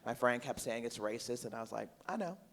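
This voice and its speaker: A woman in her forties performing a stand-up comedy set, brash and oversharing, with sudden bursts of loud outrage. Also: rumbling low, animated, fast talker. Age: 40s. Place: comedy club stage with live audience. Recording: reverberant live venue with audience laughter.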